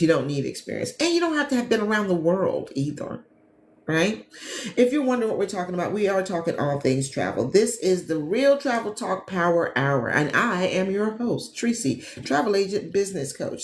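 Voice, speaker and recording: A woman from the Midwest hosts a casual livestream, talking straight to her viewers and calling them "y'all". Her pitch swings widely as she chats. She is recorded in an echoey room with a faint hum of ambience behind her. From Gary, Indiana, USA. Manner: chatty, animated, talks straight to viewers as "y'all". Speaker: host, travel agent and business coach.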